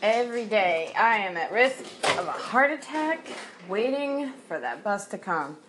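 A woman's voice: medium pitch, sing-song, a little slow, heavy background noise. A woman hosting a casual chat stream, sarcastic and rambling, laughing often. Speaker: livestream host.

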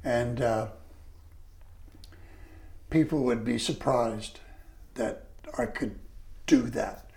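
Slow, gravelly older man reminiscing. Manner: animated, jumps up high to quote people. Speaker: retired lecturer interviewed. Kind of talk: reminiscing storytelling.

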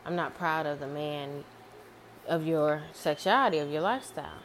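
A woman's voice: low voice, moderate pace, a little hiss or hum, close to an everyday voice. A woman voicing a strict, religious father who is furious and harsh, casually quoted while she retells a story. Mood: angry. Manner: harsh, threatening.

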